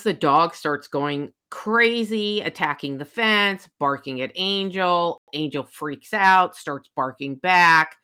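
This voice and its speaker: A middle-aged woman with a low but bright, forceful voice chats casually as a podcast co-host. She tells animated, profane stories and swings up into shrieks when she relives a fright. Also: clear, resonant tone. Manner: animated storyteller, swearing, shrieking when retelling scares. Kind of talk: casual chat.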